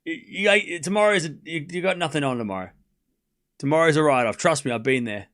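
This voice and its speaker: A man's voice: on the high side, brisk, fairly bright tone. A man hosting a live tennis watchalong stream, chatting casually and sarcastically teasing viewers, rambling with restarts.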